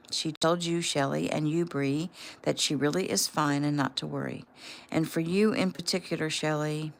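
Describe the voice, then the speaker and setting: A woman's voice: sits low, vocal fry. A woman reading the part of a middle-aged father passing on good news to his family.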